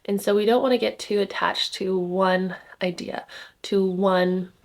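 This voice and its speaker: A woman's voice: mid-range voice, steady tone, measured pace. A young woman in casual spiritual vlog talk, rambling with many fillers and small laughs, slightly congested from just waking up. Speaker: spiritual content creator. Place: rented home indoors.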